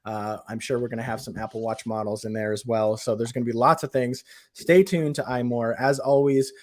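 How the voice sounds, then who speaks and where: A male podcast host with a mid-pitched voice talks casually, full of little fillers and restarts. He wraps up the episode in a relaxed chat tone. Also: brisk. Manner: chatty, many fillers.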